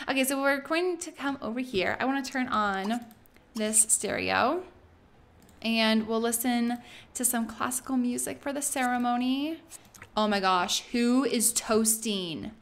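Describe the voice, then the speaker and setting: A young woman talks through her gameplay in a casual, chatty way, her voice sitting a touch high. She gets excitable, breaking into laughs and little squeals as she reacts to what happens on screen. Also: moderate pace. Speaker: let's play host.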